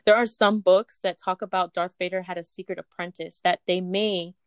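A woman's voice: lowish voice, fairly even intonation, normal speed, clear, resonant tone, dry recording, studio quality. A woman chatting as a podcast co-host over a speakerphone call, gushing and breathless, breaking into squeals. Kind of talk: excited fan chat.

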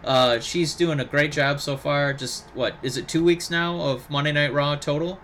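An animated man co-hosts a podcast in loose, casual chat. His voice sits a touch high and rings very bright. A faint hiss sits under the recording. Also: moderate pace. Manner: animated, bursts into excited impressions. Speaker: podcast co-host.

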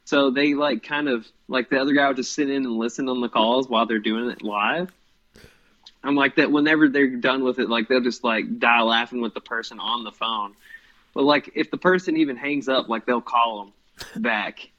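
Man, casual chat, rambling, lots of fillers, mid pitch, dull lo-fi sound. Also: steady tone, moderate pace, a bit bright. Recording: slightly muffled lo-fi sound.

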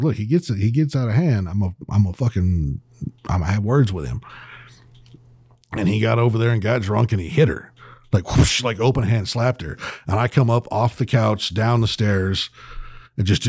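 A man's voice: on the low side, a little mellow, breathy edge, dry recording, clean studio sound. A man telling a wild story in casual podcast chat, swearing constantly and acting out the quotes.

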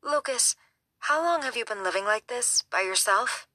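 Woman reading a gentle, earnest woman. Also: a little high, expressive, moderate pace, no echo, clean studio sound, pitched above the performer's own voice. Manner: gentle, anxious questioning. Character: caring, earnest adult woman.

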